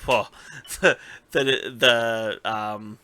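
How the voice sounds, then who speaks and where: A man co-hosting a casual recap podcast, retelling scenes with animated storytelling, swearing and acting out the characters' lines. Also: fairly low pitch, extremely slow. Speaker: podcast co-host.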